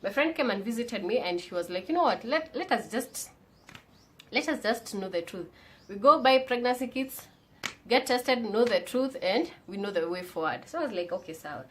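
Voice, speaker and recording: Animated young Kenyan woman vlogger. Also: a little high, normal speed, a little hiss or hum. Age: young adult. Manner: animated, mixing English and Swahili slang. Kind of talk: casual storytelling vlog.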